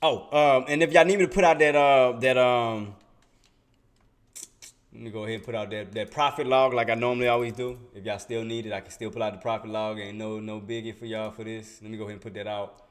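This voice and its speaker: A man's voice: fairly low pitch, steady tone, fairly quick, clean tone. Man laughing through live-stream chat. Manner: laughing often, talking straight to chat in slang. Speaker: live-stream day-trading host. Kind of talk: casual live-stream commentary.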